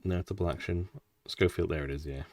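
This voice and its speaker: A man's voice: low voice, steady tone, fast talker, darkish tone, recorded from a distance. A man casually commenting on his playthrough as a gaming streamer, chatty with mumbled asides. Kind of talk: casual let's-play commentary.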